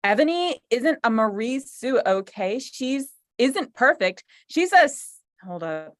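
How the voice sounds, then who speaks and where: A woman's voice: a little high, big pitch swings, measured pace, no room sound. A woman doing a playful, mock-serious reading of a story aloud with friends. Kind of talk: comic dramatic reading. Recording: dry close sound.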